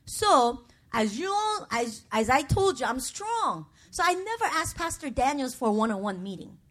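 Her voice sits high and a bit bright, swinging widely in pitch at a moderate pace. This middle-aged woman pastor preaches emotionally and confessionally, engaging the congregation through call-and-response and personal, conversational asides.

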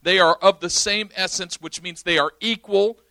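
A man's voice: high-pitched, fairly even intonation, moderate pace, sharp tone, no room sound. A young man preaching, teaching emphatically and often checking that his listeners follow. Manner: emphatic, explanatory, checks understanding. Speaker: pastor. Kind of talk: sermon teaching.

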